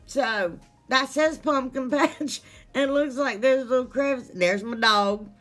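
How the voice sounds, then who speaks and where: A woman's voice: sits high, unhurried, a bit bright, soft background music. A woman narrating her crafting vlog casually, apologetic and laughing at herself as she rambles. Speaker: DIY crafting vlogger.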